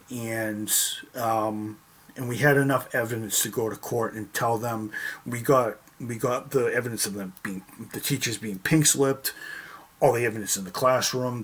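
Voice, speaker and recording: A man hosting a talk show, telling a personal school story in a rambling, halting way with many restarts. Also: mid-range voice. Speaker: host.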